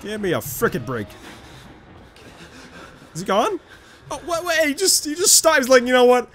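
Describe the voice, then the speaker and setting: Young male let's-player, high and animated, jokey, yelps under pressure; close mic, light noise floor. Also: moderate pace. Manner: jokey and excitable, shouting when chased. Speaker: gameplay commentator. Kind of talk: casual let's-play commentary. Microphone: close desk mic.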